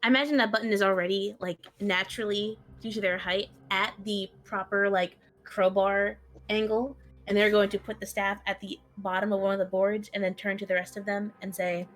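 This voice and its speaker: A woman playing a tabletop role-playing game, describing her character's moves in a relaxed, playful way. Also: mid-range voice, fairly quick, few pauses. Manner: playful, voices her character's speech in quotes. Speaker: tabletop player. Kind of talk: casual tabletop play.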